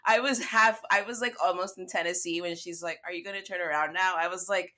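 A young woman with a mid-range voice talks fairly quickly while telling a story in casual conversation. She swears freely and acts out what she said, animated throughout.

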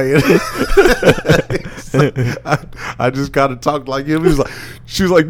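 A man co-hosting a casual podcast chat, retelling scenes in an animated, slangy way with lots of laughter. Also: a little high, unhurried, few pauses. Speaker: podcast co-host.

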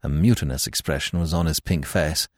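A man reading a classic novel aloud as the narrator in an expressive storytelling manner. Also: very deep voice, brisk, no echo, studio quality. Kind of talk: scripted audiobook narration.

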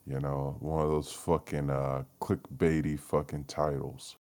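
A man hosting a solo podcast, rambling in a low-energy, profane way, trailing off and laughing as he talks. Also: little pitch movement, measured pace, a little mellow. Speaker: podcast host. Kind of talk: solo casual rant.

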